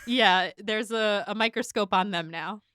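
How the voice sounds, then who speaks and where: A woman's voice: mid-range voice, a little slow, pushed and bright, no room sound, studio quality. A woman co-hosting a podcast in a casual book discussion, chatty and loose, with lots of "like" and "kind of". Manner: chatty, many "like" and "kind of" fillers. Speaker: podcast co-host.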